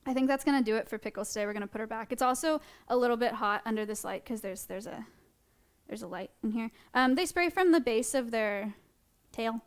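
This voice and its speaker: A young woman chats casually on a live stream, gushing with affection as she shows off a small creature. Her voice sits a little high, and her talk is loose and full of fillers. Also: a little fast, smooth. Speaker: streamer showing sanctuary animals. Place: indoor animal sanctuary room.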